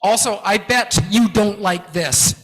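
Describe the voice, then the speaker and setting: A man giving a guest lecture to academics, teaching slowly and emphatically and often checking in with "okay?". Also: sits high. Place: large lecture hall. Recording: long hall reverb.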